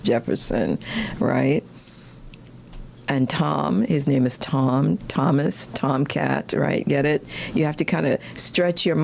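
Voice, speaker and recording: Low, gravelly woman teaching casually. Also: a little hiss or hum. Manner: chatty, animated, laughs often, pitch jumps when excited. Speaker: study skills teacher. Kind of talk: casual explanatory lesson.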